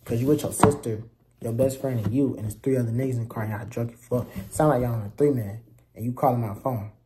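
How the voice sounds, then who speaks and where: A man's voice: mid-range voice, fast talker, background noise. A young man ranting through a story for his viewers, heated and slangy, with heavy profanity and frequent asides to the audience. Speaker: vlogger telling a story. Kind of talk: casual storytime rant.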